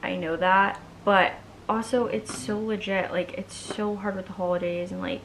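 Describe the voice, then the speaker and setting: Young woman vlogger, mid-pitched, casual and gushy, lots of "like". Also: steady tone, normal speed, noisy background. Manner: chatty, bubbly, heavy use of "like". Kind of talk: casual chat while doing her nails. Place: at home.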